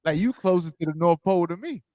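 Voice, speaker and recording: Upbeat New York host, dry close sound. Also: male voice, high voice, expressive, quick pace, mellow, dry recording. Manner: loose, laughing, repeats words. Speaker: radio show host. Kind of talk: casual interview chat.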